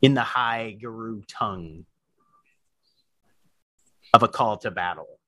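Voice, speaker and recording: A man running a tabletop game as storyteller, narrating scenes in a measured, descriptive way. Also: on the low side, pushed and bright, no room sound.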